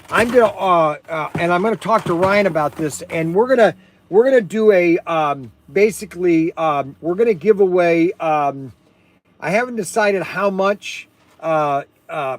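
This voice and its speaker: Energetic man, high-pitched voice, rambling livestream host, lots of ums and restarts. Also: no echo. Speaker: host and shop owner. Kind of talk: casual livestream product talk.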